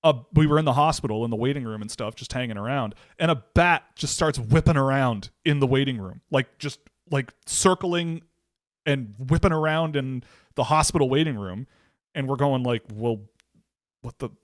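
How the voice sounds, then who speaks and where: A man's voice: medium pitch, brisk, dry recording, clean studio sound. Rambling man telling stories on a podcast. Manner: rambling, storytelling, self-interrupting. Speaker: podcast co-host. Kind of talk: casual hockey chat.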